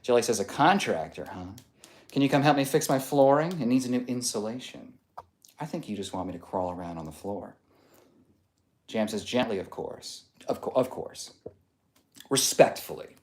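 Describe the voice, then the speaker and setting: A man's voice: medium pitch, animated, normal speed, a little mellow, slight background noise. A man reading out chat comments on a casual live stream, joking and laughing often. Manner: playful, laughs often, reads comments aloud.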